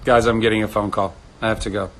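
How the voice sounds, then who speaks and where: A man in his thirties hosting a casual live stream from home, chatting with viewers, animated and laughing often. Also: fast talker, low-quality recording. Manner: animated, laughs often, jumps to sudden high exclamations. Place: home studio indoors.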